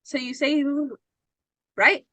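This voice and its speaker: A woman's voice: sits high, measured pace, sharp tone, no echo, poor audio. A woman teaching an English pronunciation lesson, patient and often checking that her students understand.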